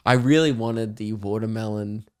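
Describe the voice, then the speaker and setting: A man's voice: on the low side, a little slow, clean tone. A young adult man with an Australian accent, hosting a podcast, telling stories in casual chat with lots of laughing and swearing. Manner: swearing, laughing, animated storytelling. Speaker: podcast host.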